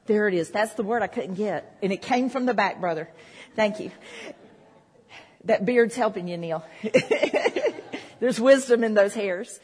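A woman's voice: fairly high pitch, slightly rough. A woman preaching a sermon in a church, talking conversationally with the congregation. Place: church hall. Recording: reverberant hall.

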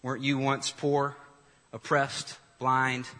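A man preaching a sermon, telling a lively story and calling on the congregation to repeat lines after him. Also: medium pitch, slow pace. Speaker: pastor. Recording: long hall reverb.

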